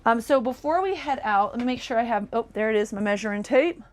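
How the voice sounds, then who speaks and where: A woman's voice: on the high side, lively intonation, fast talker. A woman giving a casual, chatty walkthrough of a motorhome as a presenter, enthusiastic and full of fillers. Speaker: RV sales presenter. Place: inside a motorhome.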